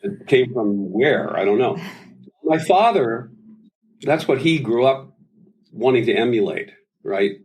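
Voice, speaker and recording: A man's voice: mid-range voice, a little slow, pauses often, low-quality recording. A man in his sixties, a singer as interview guest, telling anecdotes in casual talk. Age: 60s. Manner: animated storyteller, does voices in anecdotes.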